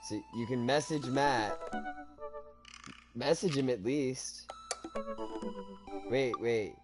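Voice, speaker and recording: A man's voice: mid-range voice, slow. A man co-hosting a casual let's-play, chatting and reading game text aloud, often laughing. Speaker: gaming channel co-host. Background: game music.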